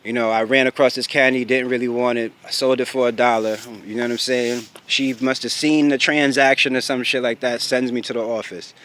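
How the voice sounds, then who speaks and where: A man's voice: medium pitch, brisk, hardly any pauses. A man from the United States telling a personal story to camera in a loose, profane, casual way, often checking in with the listener. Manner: loose and profane, repeatedly asking "you know what I'm saying"; grows loud and animated when recalling anger.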